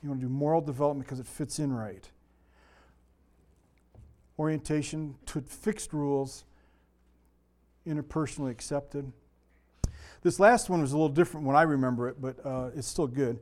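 Speaking at normal speed with long pauses, a middle-aged man teaches a Bible lesson in a fairly high, slightly mellow voice. His voice is slightly sore, and he keeps things conversational with plenty of anecdotes and tangents.

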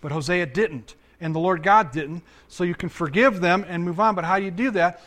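A man's voice: high-pitched, moderate pace. A man preaching a sermon as pastor and counselor, reading scripture aloud, commenting on it and asking his listeners questions. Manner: animated, asks the audience questions.

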